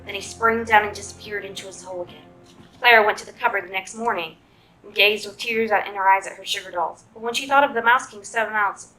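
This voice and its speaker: A woman librarian reading a children's story aloud in a clear, expressive storytelling manner. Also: medium pitch, poor audio.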